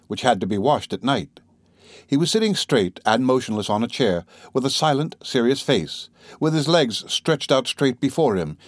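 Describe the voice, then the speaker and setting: A man reading a classic novel aloud in a measured, even storytelling manner on a close mic. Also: medium pitch, no room sound. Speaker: audiobook narrator. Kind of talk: scripted narration of a classic novel.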